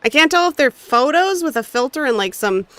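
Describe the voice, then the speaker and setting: A woman's voice: high-pitched, expressive, fairly quick, a bit bright, dry recording. A woman with a North American accent streaming a game, reading its story text aloud with expression and breaking off into casual asides to chat. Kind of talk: reading a visual novel aloud while chatting with stream chat.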